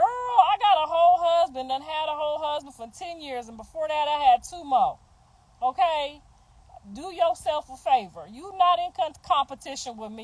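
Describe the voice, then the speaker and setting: A middle-aged woman with a high voice delivers a heated, casual rant. She is profane, sassy and confrontational, and she laughs between her jabs as she speaks up for herself as a mother. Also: moderate pace, no room sound, rough recording. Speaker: mother ranting on a livestream.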